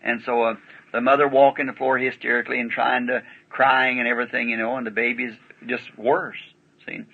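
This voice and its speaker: A man's voice: medium pitch, little pitch movement, a little fast, vocal fry, phone-quality sound. A man preaching a sermon, telling a story in folksy rural speech with emphatic asides.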